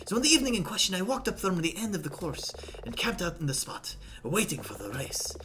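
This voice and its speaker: A woman's voice: on the low side, big pitch swings, fairly quick, background noise. Woman putting on a pompous vain jet-setter man. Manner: obnoxious, affected vaguely French put-on accent. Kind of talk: voicing characters in a visual novel stream.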